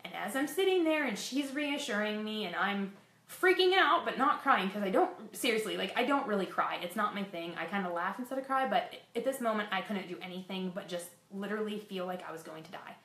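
A woman's voice: medium pitch, animated, a little fast, a bit bright, reverberant. A woman frankly recounting a frightening personal experience to her viewers, with self-deprecating asides. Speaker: fitness vlogger sharing a personal story. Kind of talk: candid personal storytelling.

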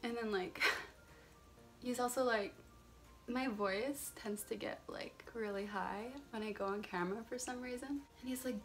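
A woman's voice: fairly high pitch, unhurried, soft background music. Chatty young woman filming on her phone. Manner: chatty, rambling, lots of filler words. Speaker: beauty vlogger. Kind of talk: casual hair tutorial chat. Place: warm room at home. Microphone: phone camera.

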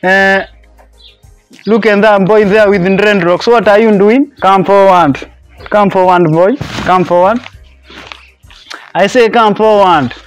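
A man's voice: high voice, fairly even intonation, slow pace, long pauses, clean tone, soft background music. A man playing a strict schoolteacher in a comedy skit, bossy and repeating his orders. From Kenya.

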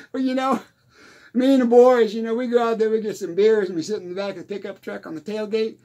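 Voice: mid-range voice, husky. A performer playing a forgetful, rambling country musician in an improvised comedy monologue, losing the thread and laughing at his own jokes. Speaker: comedy character.

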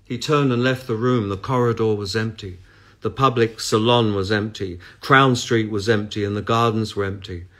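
A man hosting a live stream, reading a story aloud in a measured, expressive way. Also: lowish voice.

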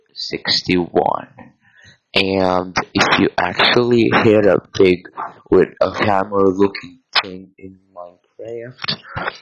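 Male host, deep voice, unhurried and halting, rambling mock ASMR monologue. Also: a bit bright, lo-fi sound, slight background noise. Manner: hesitant, halting, many ums and repeated words. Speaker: video host.

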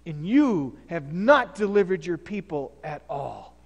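A man's voice: a little high, very animated, measured pace, gravelly, highs cut off, pitched below the performer's own voice, full character voice. A frantic Moses acted out by a man cries out in a raised, strained voice that bounces around a reverberant sanctuary. He pleads and protests against being sent. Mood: accusing. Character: a worn-down male leader Moses pleading.

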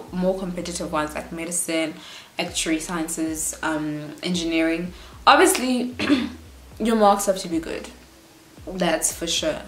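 A South African woman in her twenties giving casual life advice as a vlogger, in a quick, chatty, animated way. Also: lowish voice. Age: 20s. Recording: roomy echo.

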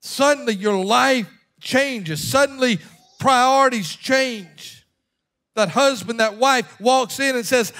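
High, bright-voiced preaching man. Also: slow pace. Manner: emphatic preaching, swinging from hushed to shouting. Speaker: pastor. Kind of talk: sermon.

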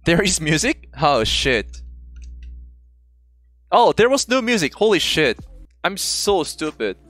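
A young man from South Korea with a Korean accent, chatting casually with viewers while streaming a game, excitable and often laughing. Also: fairly high pitch, slow, no echo, faint music behind. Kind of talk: casual gameplay stream chat.

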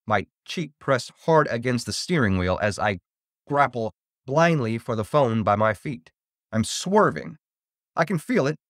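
Tense, lively male horror narrator. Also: lowish voice, no echo, clean studio sound. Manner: tense, dramatic first-person telling. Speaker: story narrator. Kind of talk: scripted horror story narration.

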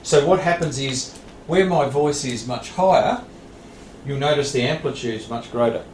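This Australian man has a mid-range voice with a darkish tone and talks at normal speed. He's teaching a radio licence class in a training room, laying things out plainly amid frequent restarts and small laughs. The recording sounds echoey with faint hiss behind it.

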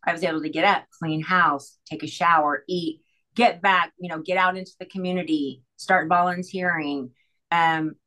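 A middle-aged woman telling an emotional personal story as an interview guest, earnest and halting, with many restarts. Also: fairly low pitch, fairly even intonation, bright, forceful tone, low-quality recording. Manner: earnest, halting, full of "you know" and restarts.

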